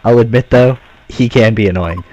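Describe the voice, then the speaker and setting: A man giving relaxed, joking commentary on a video game he is playing, with game music behind. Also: mid-range voice, moderate pace, lo-fi sound, a little hiss or hum. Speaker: let's play commentator.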